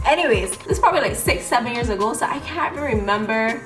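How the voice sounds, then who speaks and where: A woman in her twenties telling a story casually in an animated, chatty vlog, doing makeup as she talks. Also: a little high, quick pace. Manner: applying makeup while talking. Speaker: beauty vlogger. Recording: roomy room with background music.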